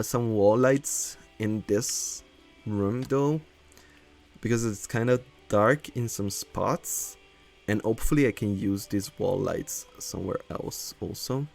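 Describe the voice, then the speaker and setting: A man's voice: on the low side, takes it slowly, vocal fry, a little mellow, faint music behind. A man who is not a native English speaker chats casually as a streamer while building in a game, laughing often and reading chat aloud.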